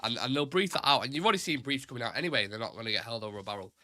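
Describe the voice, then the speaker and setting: A young man with a Mancunian accent, from Salford in Greater Manchester, runs a live fan talk show and reads out viewer comments from the chat. He's blunt and opinionated, swears, and talks fast and animatedly. His voice is medium-pitched, with no echo in the recording.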